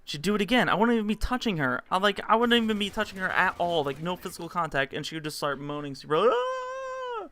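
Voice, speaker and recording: A man's voice: high-pitched, fast, few pauses, sharp tone. A young man casually telling a rambling story to camera, full of fillers and acted-out quotes. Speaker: vlogger.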